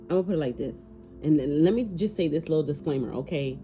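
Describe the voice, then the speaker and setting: Low-voiced, swearing tarot reader woman. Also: fast, over music. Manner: animated, swears freely, talks to spirit aloud. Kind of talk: casual spoken tarot reading.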